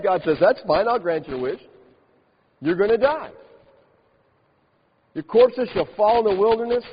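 Male pastor preaching in a big hall. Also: a little high. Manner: animated, mocking the complainers with laughs and exaggerated quotes. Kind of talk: sermon with scripture reading. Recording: dull lo-fi sound in a large reverberant hall with faint hiss.

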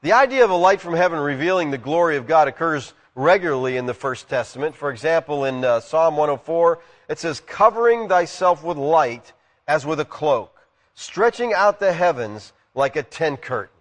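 A man preaching a sermon, emphatic and asking loud rhetorical questions. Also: fairly high pitch, animated, normal speed, big-room sound.

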